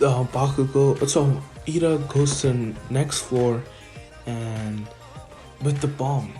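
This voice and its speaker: A man casually retelling an improvised fan story, rambling with many restarts and chuckles. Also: medium pitch.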